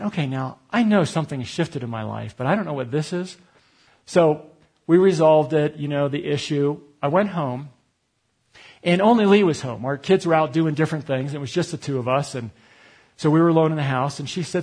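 A middle-aged man from Connecticut delivers a sermon as a personal story, acting out the conversations he recounts. His voice sits a bit higher than most men's and carries a breathy, husky edge. The tone is candid and confessional. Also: lively intonation, moderate pace, a little mellow. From Connecticut, USA. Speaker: pastor.

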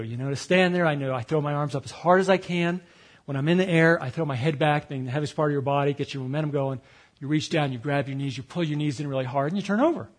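A man preaching a sermon through a personal story, acting out what others said and laughing at himself as he goes. His voice sits a little high for a man and has a husky edge. He shifts between lively, punchy moments and quieter reflection. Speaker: speaker at a retreat.

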